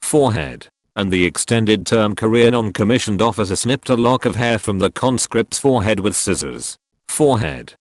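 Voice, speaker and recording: A man reading a historical novel aloud as an audiobook narrator, in a solemn, measured way. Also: fairly low pitch, no room sound, clean studio sound.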